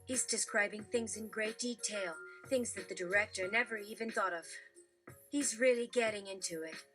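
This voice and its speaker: A woman reading generated jokes aloud on a live stream in an animated storytelling manner. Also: mid-range voice, normal speed, soft background music.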